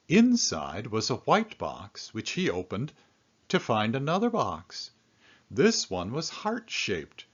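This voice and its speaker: Slow, lively-voiced man reading a storybook. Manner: slow, expressive storytelling with lively pitch swings. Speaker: storybook reader. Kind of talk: children's story read-aloud. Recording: dull lo-fi recording.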